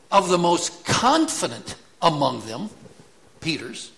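A man's voice: fairly high pitch, pushed and bright. A man preaching an expository sermon, stopping now and then to act out quoted lines. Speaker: pastor.

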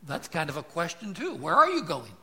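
Male pastor, bright forceful voice, slightly high, teaching sermon with questions to the room. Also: huge pitch swings, a little fast. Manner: expository preaching, rhetorical questions, voice jumps when quoting. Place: church.

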